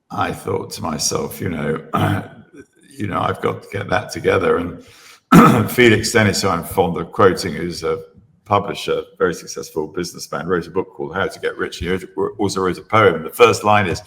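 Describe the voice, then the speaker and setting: An older man, a podcast guest, telling a long rambling story in a relaxed, self-deprecating way. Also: low-pitched, unhurried, creaky.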